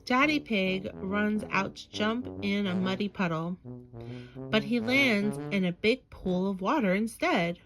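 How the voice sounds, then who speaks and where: A woman reading a children's bedtime story aloud in a slow, gentle manner. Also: medium pitch, music in the background, poor audio. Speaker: storybook reader.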